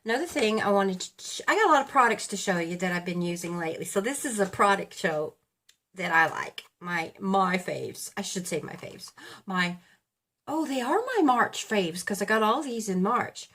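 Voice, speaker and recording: A woman's voice: medium pitch, animated, normal speed, fairly bright tone. Fifty-something lady vlogging her faves, rambly chit chat, keeps fixing her own words. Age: 50s. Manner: rambling, chatty, self-correcting. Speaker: beauty vlogger. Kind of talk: casual chat.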